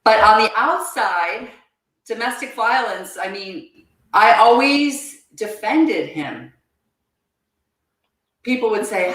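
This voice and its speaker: Woman, podcast guest, earnest halting delivery, medium pitch, heavy room echo. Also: expressive, a bit bright. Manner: earnest, halting, repeats words. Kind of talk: personal story in a podcast interview. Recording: very echoey room.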